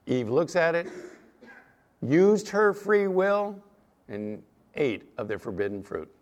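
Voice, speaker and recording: A man's voice: a little high, slow pace, muffled recording. A male pastor preaching a sermon, telling stories and acting out the quotes in them. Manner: animated storytelling, acting out quotes.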